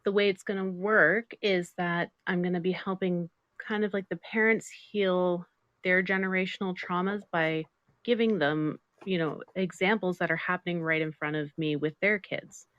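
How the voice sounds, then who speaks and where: A middle-aged woman guest telling stories in a casual interview, animated and laughing often. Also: lowish voice, moderate pace, no echo, highs cut off. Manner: animated storytelling, laughs a lot.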